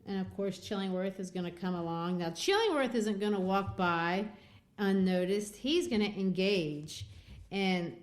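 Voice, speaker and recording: A woman who teaches literature and hosts a podcast retells a classic novel with enthusiasm, quoting from its scenes. Her mid-range voice is expressive and unhurried.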